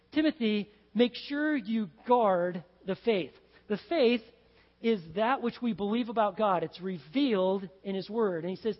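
Male pastor, sermon, high voice, animated delivery, long echoing church reverb, dull sound. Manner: animated, rising to excited shouts when building a point. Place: church sanctuary.

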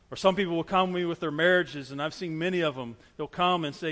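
A man's voice: fairly high pitch, fast, hardly any pauses, fairly bright tone, in a large hall. A man preaching a sermon as pastor, earnest and repetitive, driving his points home with everyday illustrations.

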